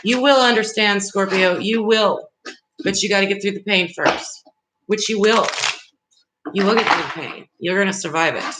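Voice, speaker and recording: A woman's voice: mid-range voice, moderate pace, background noise. A woman giving live tarot readings, speaking directly and reassuringly to her viewers in a loose, rambling way. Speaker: tarot reader.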